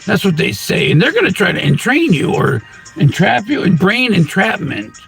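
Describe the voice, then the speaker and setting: Male vlog host, deeply gravelly and creaky, pitch swinging widely; rambling mystical talk with rhyming wordplay and loud outbursts, faint music behind. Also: very animated, moderate pace. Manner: free-associating wordplay and rhymes, sudden loud bursts. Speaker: channel host. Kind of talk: rambling spiritual monologue to camera.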